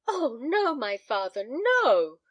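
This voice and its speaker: A woman voicing an eager young daughter who pleads in a high, bright, imploring tone. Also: moderate pace, dry recording, lightly acted.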